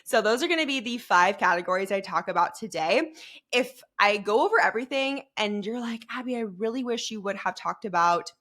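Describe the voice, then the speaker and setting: A young woman from Phoenix hosts her own fitness podcast in an easy, upbeat chat. Her voice is bright and clear at a middle pitch, and she talks in a loose, rambling way with plenty of "um" and "like". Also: lively intonation, a little fast. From Phoenix, Arizona. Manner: chatty and upbeat, many fillers like "um" and "like". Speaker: podcast host and fitness coach. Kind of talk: casual solo podcast chat.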